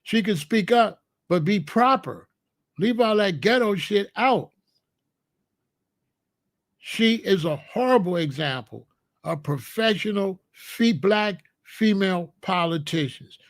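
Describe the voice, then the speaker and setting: Man, high voice, dry close sound, blunt and scolding commentator delivering an opinion monologue. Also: lively intonation, slow pace, dry recording. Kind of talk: opinionated monologue to a live chat.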